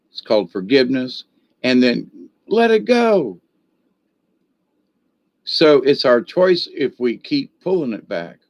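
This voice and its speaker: A man giving a casual spiritual talk, telling stories in a rambling, folksy way with blunt, coarse language. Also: mid-range voice. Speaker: spiritual teacher. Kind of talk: casual spoken teaching.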